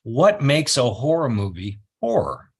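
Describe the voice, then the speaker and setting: Husky-voiced guy telling stories, laughs a lot, mid-pitched, casual chat. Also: measured pace. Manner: animated storyteller, laughs often.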